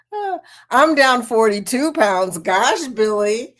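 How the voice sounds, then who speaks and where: A woman's voice: sits high, sing-song, very slow, long pauses. A woman hosting a casual livestream chat, reading viewer comments aloud and laughing often. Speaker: livestream host.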